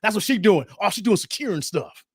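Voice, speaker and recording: A man hosts a casual stream and riffs on viewer comments. His voice sits high and swings widely as he laughs and jokes. The sound is close and dry, with no room around it. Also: fast, breathy edge, dry recording. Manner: animated, laughing, slang-heavy banter. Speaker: host reading viewer comments.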